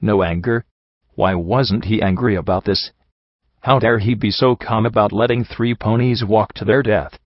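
A man narrating a first-person audiobook in a steady, introspective storytelling manner. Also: on the low side, normal speed, dry recording. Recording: dull lo-fi dry recording.

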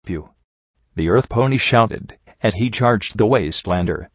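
Male audiobook reader, low pitch, dry slightly dull recording; steady narration. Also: moderate pace, no room sound. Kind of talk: first-person fan fiction narration.

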